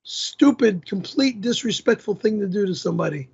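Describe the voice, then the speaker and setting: A man with a very high, gravelly voice and a husky edge hosts a live stream. He answers viewer messages indignantly, repeating himself and stammering. The stream audio is dull and lo-fi. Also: animated, moderate pace. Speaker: livestream host.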